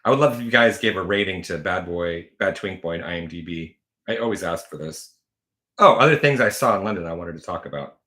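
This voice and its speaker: A man's voice: deep voice, lively intonation, fairly quick, bright, forceful tone. A man hosting a casual livestream, telling rambling stories full of fillers and self-corrections. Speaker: livestream host.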